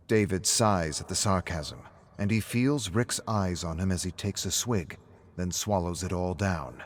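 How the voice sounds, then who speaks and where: Low-voiced man narrating a story. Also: a little hiss or hum. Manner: measured storytelling.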